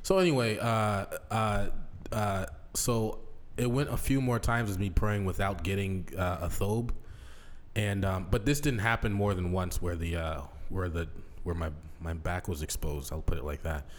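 A man's voice: low-pitched, normal speed, slight background noise. A man in his late thirties co-hosting a podcast, chatting in a casual, joking way. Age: late 30s. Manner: animated, jokey, breaks into laughter and mock accents. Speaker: podcast co-host. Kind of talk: casual comedic chat.

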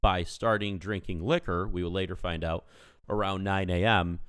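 A man's voice: low-pitched, steady tone, normal speed, fairly bright tone, clean tone, dry recording. A man in his thirties, a podcast co-host, telling a story in casual chat and animatedly acting out the people in it. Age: 30s.

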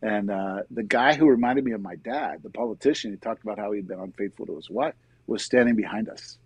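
A middle-aged man, a guest in an interview, earnestly telling his personal faith story in a soft-spoken, conversational way. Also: fairly low pitch, fairly quick, breathy edge, no room sound, poor audio.

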